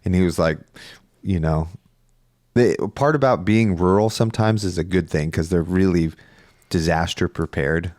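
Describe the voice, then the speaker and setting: Podcast co-host, young man, very low voice, dry close sound, casual rambling delivery. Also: normal speed, darkish tone, no echo. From Northern California. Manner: rambling storyteller, laughs often. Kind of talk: casual chat.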